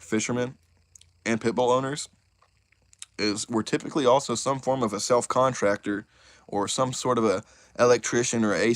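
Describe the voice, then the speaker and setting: A young man hosting a casual live stream, excitable and chatty, talking straight to his chat. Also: lowish voice, dry recording. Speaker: YouTuber host of a live stream.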